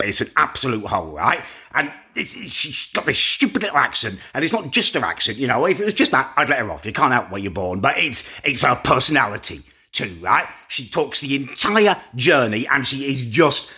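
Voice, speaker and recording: A man's voice: medium pitch, sing-song, normal speed, few pauses, bright, forceful tone, breathy edge. A young man talking casually to camera in a rambling, self-deprecating vlog. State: hungover. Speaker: vlogger.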